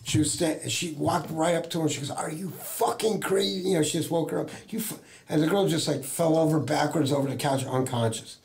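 A man's voice: on the high side, fast, creaky, hardly any pauses, darkish tone. A middle-aged man from the United States, a talent agent, telling rambling anecdotes in casual chat and acting out what others said. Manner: rambling, acts out quoted voices, many fillers. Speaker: talent agent, interview guest.

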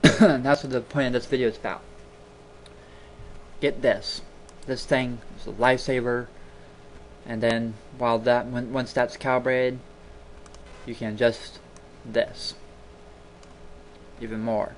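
A man's voice: mid-range voice, little pitch movement, unhurried, long pauses, a little hiss or hum. A man hosting a casual screen-recording tutorial, chatty and rambling, repeating words for emphasis, talking into a desktop mic at his home computer. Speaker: video tutorial host.

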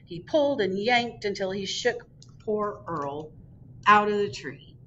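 A woman librarian reading a picture book aloud to children, expressive and drawn out. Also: mid-range voice, unhurried, distant mic, lo-fi sound, a little hiss or hum.

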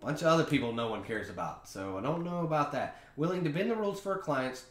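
Talking fast and hardly pausing, a young man hosts a podcast in a rambling, offhand chat over a beer. His mid-range voice is very animated and a bit bright, and the room gives it an echo.

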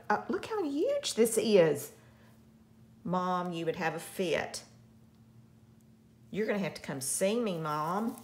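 A woman hosting a craft channel, gushing over a parcel in a casual unboxing chat with frequent gasps. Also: lowish voice.

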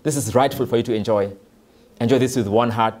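A man preaching at a church service, his voice sitting at an ordinary middle pitch. He talks in an earnest, loose and conversational way, often pausing with fillers. The tone is that of a pastor encouraging his congregation. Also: darkish tone. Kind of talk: sermon.

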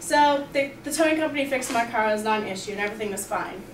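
Animated and quick, with a voice on the high side, a young woman recounts a personal story to a class as a student storyteller, chatty and upbeat with plenty of "like" and "you know." Recorded far from the mic in an echoey room, with faint background noise.

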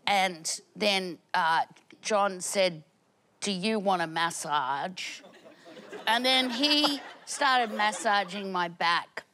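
Female comic guest, unhurried and bright, halting anecdotal delivery. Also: medium pitch, slight background noise. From Australia. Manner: rambling, halting, laughing through her story. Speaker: comedian panel guest. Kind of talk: anecdotal storytelling on a panel show.

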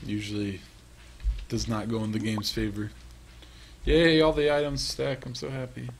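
Low-key man musing over gameplay. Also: level tone, normal speed, gravelly, slight background noise. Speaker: gaming YouTuber. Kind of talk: casual let's-play commentary.

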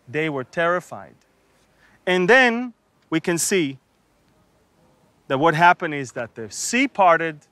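Male bible teacher, bright animated delivery, unhurried, joking sermon style, dry close sound. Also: fairly high pitch, no room sound. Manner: humorous, acts out biblical figures with sarcasm and laughter.

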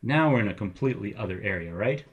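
Husky-voiced male professor lecturing. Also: lowish voice, expressive, quick pace, muffled recording. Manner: wry, playful teacher's tone, jokes with students. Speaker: college English professor. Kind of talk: recorded lecture narration over slides.

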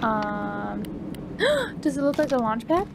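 A woman commenting on her gameplay, gasping often and repeating excited exclamations. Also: on the high side, slow, creaky, noisy background. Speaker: let's play gamer. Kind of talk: let's play commentary. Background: game music.

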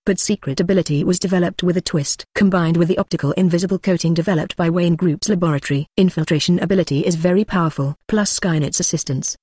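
Audiobook narration voice, flat machine read, husky edge, dry close sound. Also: medium pitch, fast, few pauses, dry recording. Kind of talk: scripted narration.

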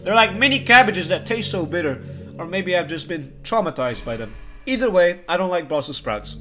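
A man's voice: sits high, expressive, moderate pace, music in the background. A young man hosting a let's play, joking and bantering with the game from his room at home. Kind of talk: gameplay commentary.

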